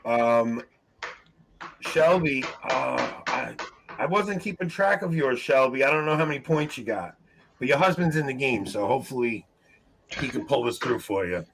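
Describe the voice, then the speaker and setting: A man hosting a casual trivia show, chatty and quick to laugh, calling out names as people answer. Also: medium pitch, lively intonation, creaky, a bit bright, slight background noise. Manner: chatty, laughs often, reads names from chat. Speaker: quiz show host.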